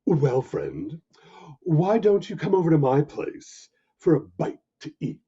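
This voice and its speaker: A man voicing a sly, hungry mountain lion in a storybook reading, with a low rumbling voice and slow, purring menace. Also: very animated, warm tone, husky, muffled recording, full character voice.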